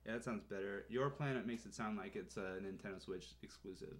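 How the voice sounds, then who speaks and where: A man's voice: on the low side, fairly quick. A man in casual brainstorming chat as a podcast co-host, playful and laughing often. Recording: clear crowd chatter behind.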